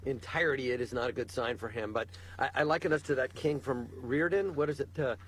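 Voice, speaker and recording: A man's voice: medium pitch, fairly quick, fairly bright tone, slight background noise. A male co-host in casual political chat, exasperated and sarcastic.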